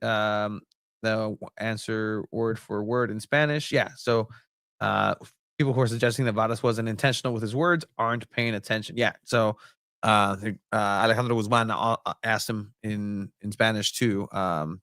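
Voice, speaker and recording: A man's voice: lowish voice, a bit bright, no room sound, studio quality. Rambling young male podcast host. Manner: rambling, lots of fillers, jokey. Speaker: podcast co-host and soccer reporter. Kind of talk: casual sports podcast chat.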